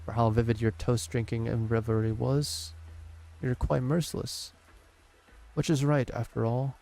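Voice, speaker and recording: A man streaming himself as he reads a game's story dialogue aloud, deliberately, often stumbling and restarting on words. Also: mid-range voice, little pitch movement, vocal fry, mellow. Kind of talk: dramatic reading of game dialogue.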